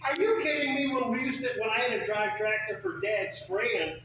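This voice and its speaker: An older man in his seventies swaps lively farm anecdotes in a relaxed group chat. His voice sits high and sounds bright, and it is picked up from a distance. The room is very echoey, with a faint hiss behind him. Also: normal speed. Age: 70s. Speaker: group member. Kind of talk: casual storytelling. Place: community center meeting room.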